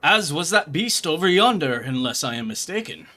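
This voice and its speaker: A man voicing a pompous, grandiose male inspector from a game, loud and theatrical. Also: very animated, normal speed, heavily acted. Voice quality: high, booming, theatrical. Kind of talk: reading game dialogue aloud in voices.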